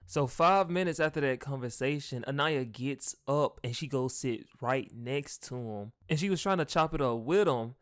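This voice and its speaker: Young male storyteller, casual and animated with lively pitch jumps, over faint music. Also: normal speed. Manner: animated and slangy, swinging from low asides to high yelps. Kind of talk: comedic storytime narration.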